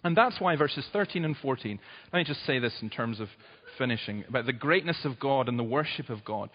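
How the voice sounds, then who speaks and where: A man preaching a sermon in an emphatic, urgent way, his voice rising sharply at points of stress. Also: a little high. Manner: emphatic, urgent preaching with sudden loud rises. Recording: dull sound with long hall reverb.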